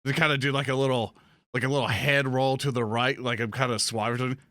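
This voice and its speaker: Bright-voiced joking male player. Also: medium pitch, little pitch movement, fairly quick, no room sound, clean studio sound. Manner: casual, joking, swears. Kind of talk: casual tabletop play.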